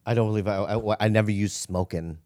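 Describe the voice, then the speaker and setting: A man's voice: on the low side, fairly even intonation, quick pace, darkish tone, no echo, studio quality. A man co-hosting a podcast, chatting casually in a wry, teasing way. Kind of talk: casual chat.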